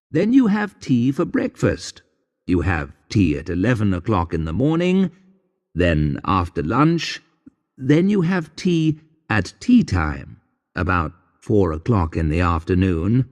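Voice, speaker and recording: Guy reading an audiobook story real slow, deadpan and wry, voice bouncing up and down, bit of hall echo. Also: deep voice. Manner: dry, wry, deadpan humor. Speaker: audiobook narrator. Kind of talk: scripted narration of a graded reader.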